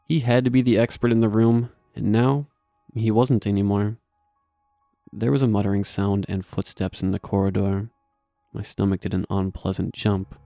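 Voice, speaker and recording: A man narrating a horror story in a steady, measured read. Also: fairly low pitch, vocal fry, dry recording.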